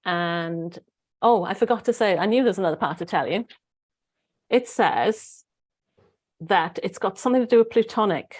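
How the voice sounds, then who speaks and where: A woman's voice: mid-range voice, lively intonation, moderate pace, pauses often, a little mellow. A woman with a Welsh accent hosting a casual spiritual group chat, rambling and restarting as she searches for words. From Wales. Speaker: host.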